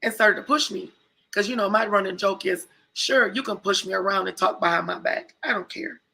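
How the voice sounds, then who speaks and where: Raspy, bright-voiced woman telling a story. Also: medium pitch, brisk, rough recording. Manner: animated storyteller acting out quoted voices. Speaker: co-host. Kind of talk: casual storytelling chat.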